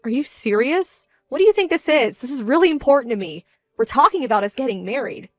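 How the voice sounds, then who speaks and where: A woman voicing a young bride-to-be who sounds indignant, measured and cold. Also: sits high, animated, a bit bright, no echo, studio quality, faint music behind. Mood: upset. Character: young bride-to-be, hurt and proud, quietly fierce. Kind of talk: scripted story drama.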